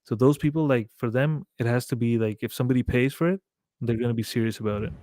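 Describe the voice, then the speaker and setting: A man in a casual podcast chat, telling his story with lively quoted back-and-forth and plenty of swearing. His voice sits at an ordinary middle pitch. The sound is dry and close, with no room echo. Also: quick pace. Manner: animated storytelling, acting out quoted dialogue; frequent swearing. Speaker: guest musician.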